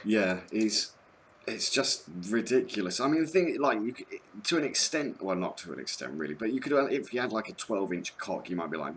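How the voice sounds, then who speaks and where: A man chatting as a guest, hesitant and halting, with crude jokes. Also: fairly low pitch, animated, slight background noise. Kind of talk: casual podcast chat.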